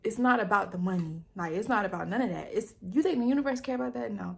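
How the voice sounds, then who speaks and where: A woman's voice: medium pitch, fast talker, gravelly. A young woman hosting a vlog, telling a story in blunt, profane, casual chat. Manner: blunt, profane, streetwise talk. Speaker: vlog host.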